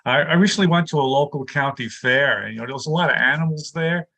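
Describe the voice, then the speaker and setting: A man from New York doing pun-based stand-up over a video call, delivering deadpan one-liners. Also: on the high side, fast, gravelly. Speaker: stand-up comic.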